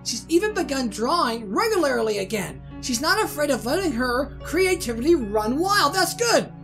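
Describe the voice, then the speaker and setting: Casting: a woman as a measured, calm game therapist, high voice, music underneath. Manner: measured, reading a report. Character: calm therapist giving a report.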